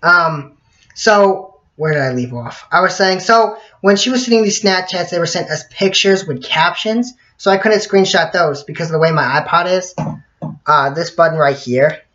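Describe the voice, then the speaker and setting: A teenage boy telling a personal story to camera in a rambling way, with many fillers, often clearing his throat. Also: a little high, normal speed, pushed and bright. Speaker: vlogger. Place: bedroom at night. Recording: dull lo-fi audio.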